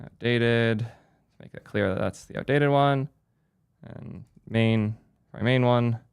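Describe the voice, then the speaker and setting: A man's voice: medium pitch, slow pace, creaky, clear, resonant tone, dry recording. Man, frustrated tech streamer ranting at chat, clean close-miked voice. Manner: annoyed, swearing, ranting at chat. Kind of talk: frustrated live commentary.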